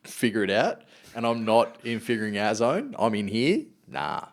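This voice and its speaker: A male podcast host in a relaxed, sweary chat. His pitch swings widely as he talks, and he laughs easily between his stories. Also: moderate pace. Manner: laid-back, laughs easily, swears casually.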